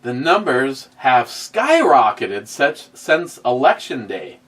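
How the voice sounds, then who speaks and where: A man's voice: mid-range voice, big pitch swings, takes it slowly, a bit bright, recorded from a distance. A man hosting a casual livestream, reading viewer comments aloud with sarcastic, rambling asides and many fillers. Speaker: host reading live chat.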